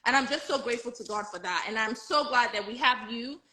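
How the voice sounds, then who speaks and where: A woman's voice: fairly high pitch, fairly quick, pushed and bright, low-quality recording. A woman hosting a casual live-streamed chat with a friend, bubbly and laughing often. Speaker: host.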